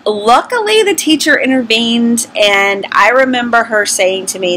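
A woman's voice: fairly high pitch, animated, unhurried, few pauses, bright, forceful tone, slight background noise, rough recording. A middle-aged woman with a Southern US accent, candidly and self-deprecatingly telling personal stories to her vlog audience in a casual, conversational way. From American South. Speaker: vlogger.

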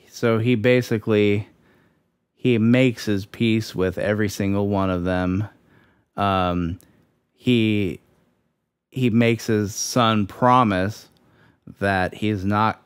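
A man co-hosting a podcast, slowly recapping a film plot in a halting way with fillers. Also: fairly low pitch, smooth, no room sound, clean studio sound. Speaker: podcast co-host. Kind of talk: casual film discussion.

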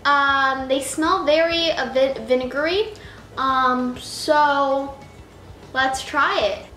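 A woman's voice: high voice, slow pace, sharp tone. A woman rambling through a casual food-tasting vlog, talking to the camera and making fun of herself. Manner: rambling and self-mocking, talks to the camera. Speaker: vlogger. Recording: echoey room with faint noise.

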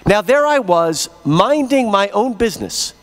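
A middle-aged man from Texas giving a lecture as a plenary speaker, an animated, joking storyteller. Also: sits high, unhurried. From Texas, USA.

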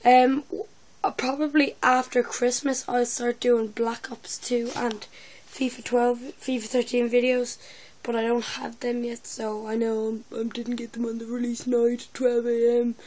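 A woman's voice: on the high side, little pitch movement, measured pace, darkish tone. A woman with a lisp chatting casually in a vlog, rambling with lots of fillers and poking fun at herself. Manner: rambling, filler-heavy, self-mocking. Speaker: YouTuber.

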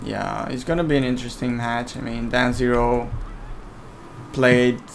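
A man whose first language is Romanian talks through a strategy game match at an unhurried pace. He chats casually and grows heated when arguing a point. A faint hiss sits under his voice. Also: medium pitch, fairly even intonation, gravelly. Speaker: commentator. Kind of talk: casual gaming commentary.

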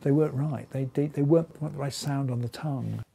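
Older male craftsman, low dark gravelly voice, thoughtful explainer. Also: steady tone, fast talker. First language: English. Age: 70s. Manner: thoughtful, explanatory, with small restarts and soft asides. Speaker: letter carver. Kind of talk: documentary interview.

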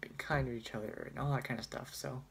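A man's voice: medium pitch, fairly even intonation, quick pace, creaky, fairly bright tone, whispered. A young man vlogging casually on his phone, rambling and hesitant with a self-deprecating manner. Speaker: student vlogger. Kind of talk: casual chat.

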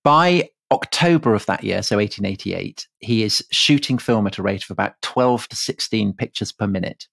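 A man co-hosting a history podcast, telling the story in a relaxed, chatty way with frequent restarts. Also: fairly low pitch, moderate pace, vocal fry, hardly any pauses, no room sound. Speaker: podcast co-host.

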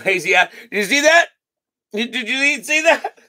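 A man's voice: very high voice, lively intonation, normal speed, bright, forceful tone. A man hosting a live card break stream, chatting casually, reading off names and teasing his viewers.

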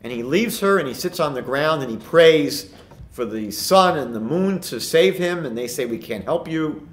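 A man's voice: a little high, expressive, moderate pace. A man, a rabbi giving a lecture, retelling Talmud stories and asking emphatic rhetorical questions. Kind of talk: recorded lecture.

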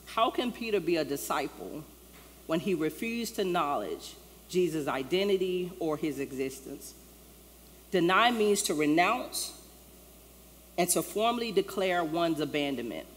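A woman's voice: fairly low pitch, a little hiss or hum. Conversational woman pastor in a reverberant church. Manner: conversational, acts out quoted lines. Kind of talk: sermon. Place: church sanctuary. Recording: long church-hall reverb, faint ambience.

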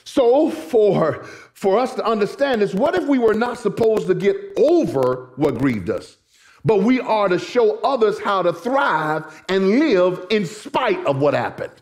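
Animated man preaching a sermon. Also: high voice, unhurried. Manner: storytelling with folksy asides to the congregation. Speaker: pastor. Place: church sanctuary.

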